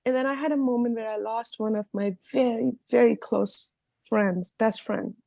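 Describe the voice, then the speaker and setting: A woman's voice: on the high side, fairly even intonation, moderate pace, vocal fry, mellow, no room sound. A woman sharing an emotional personal story at an online book reading, heartfelt and candid. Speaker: book club participant.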